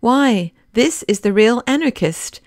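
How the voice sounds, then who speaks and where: A woman's voice: fairly high pitch, expressive, a little slow, darkish tone, no echo, clean studio sound, voice pushed up. A woman reading an earnest, troubled young man in an audiobook, speaking with heartfelt pleading. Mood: moved. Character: earnest, troubled young male poet-detective.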